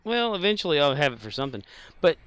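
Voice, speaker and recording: A man's voice: a little high, very animated, fast talker, fairly bright tone, clean tone. A man streaming a space game, chatting casually in a rambling, joking way full of fillers. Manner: rambling, jokey, filler-heavy. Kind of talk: casual gameplay commentary.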